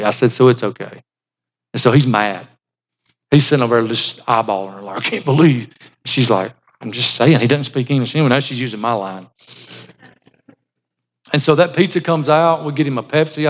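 A middle-aged man, preaching and telling a family story in a folksy way, repeating words and acting out the dialogue. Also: mid-range voice. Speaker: pastor. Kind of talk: sermon storytelling. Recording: muffled sound in a large reverberant hall.

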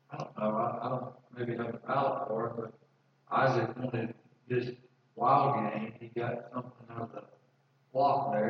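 Pastor preaching in an echoey hall. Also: male voice, medium pitch, a little hiss or hum. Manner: conversational, repeats words, reads scripture aloud. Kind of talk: sermon. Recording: distant mic with roomy echo, dull sound.

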